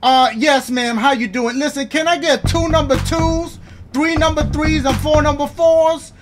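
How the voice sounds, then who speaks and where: A man acting in a comedy skit inside a van, talking loudly in brash slang-heavy banter. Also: extremely high pitch, fairly even intonation, unhurried. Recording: loud music over the voice.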